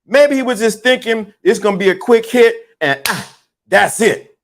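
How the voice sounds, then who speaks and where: Male streamer with a high voice, emphatic and repetitive, riffing to his chat in casual talk. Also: normal speed. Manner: animated, emphatic, repeats himself; greets chat viewers mid-sentence. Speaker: livestream host. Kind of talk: casual livestream commentary.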